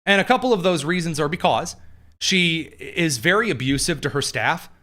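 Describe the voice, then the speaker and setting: A man's voice: a little high, animated, moderate pace, pushed and bright. Sarcastic man hosting political commentary. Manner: sarcastic, jokey asides, frequent fillers.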